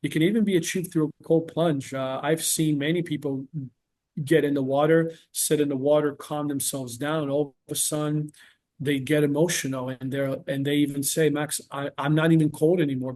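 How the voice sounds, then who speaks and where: A male therapist speaks in a relaxed interview, earnest and patient as he walks through examples. His voice sits a little high for a man. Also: brisk. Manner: earnest, explains with patient examples and quoted dialogue. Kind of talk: casual podcast interview.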